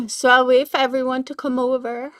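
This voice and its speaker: A woman's voice: sits high, little pitch movement, normal speed, smooth, no echo, clean studio sound. A woman hosting a casual live stream from her computer, chatting with viewers and greeting them by name. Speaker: livestream commentary host.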